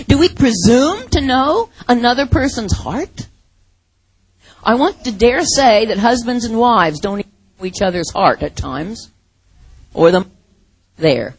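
Slow gravelly lady preaching, drops to a whisper sometimes, dry sound. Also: mid-range voice, no echo. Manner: slow, dramatic, swings from loud to whispered. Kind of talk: sermon.

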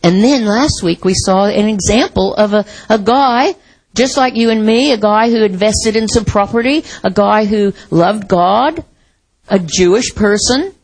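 A woman's voice: medium pitch, a little slow, a little mellow, low-quality recording. A woman preaching a sermon in a reflective, conversational way, asking the congregation rhetorical questions.

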